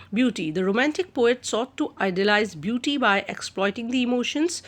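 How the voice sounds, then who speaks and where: A woman with a medium-pitched voice gives a recorded literature lecture on a poem. She explains it step by step, repeats key terms, and says "uh" now and then.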